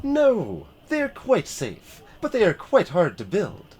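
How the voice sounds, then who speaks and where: A man voicing a proud, playful dark-haired woman who flies a gyrocopter in a story game, pitching his voice up. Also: huge pitch swings, slow pace, husky, full character voice. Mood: boastful. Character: boastful dark-haired female Peruvian gyrocopter pilot.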